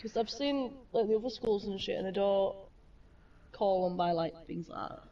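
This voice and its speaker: A woman's voice: medium pitch, normal speed, mellow, far from the mic, lo-fi sound. A young woman and mother in a casual chat, swearing freely and acting out the things people said to her. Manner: chatty, swears freely, acts out quoted exchanges.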